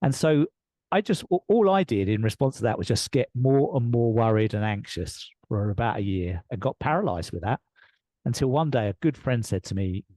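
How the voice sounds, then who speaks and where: Warm, husky Englishman telling a story. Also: medium pitch, expressive, normal speed, no room sound. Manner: earnest, reflective, with soft laughs. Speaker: podcast guest, leadership coach. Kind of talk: conversational storytelling.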